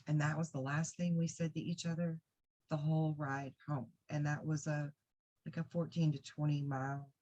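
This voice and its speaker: A woman's voice: low-pitched, flat delivery, normal speed, warm tone. A woman who does psychic readings, earnestly recounting a personal experience to camera in a rambling way with many fillers. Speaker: psychic reader and video diarist. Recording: dull lo-fi sound.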